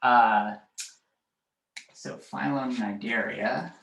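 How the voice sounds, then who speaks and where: A male biology teacher lectures at an unhurried pace, pausing on fillers and checking in with his class. The room is echoey, so his voice rings off the walls of the classroom. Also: medium pitch, vocal fry, a bit bright, a little hiss or hum. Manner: halting, with many fillers and checking questions.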